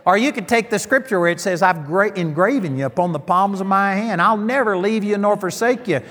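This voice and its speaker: A man's voice: sits high, fairly quick, a bit bright, big-room sound. A middle-aged man preaching a sermon, telling folksy stories and landing emphatic punchlines.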